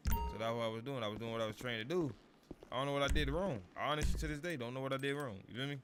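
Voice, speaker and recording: Music plays in the background as a man in his thirties, medium-pitched and talking rapid-fire, streams a game and tells a long, rambling story. He keeps asking "you feel me."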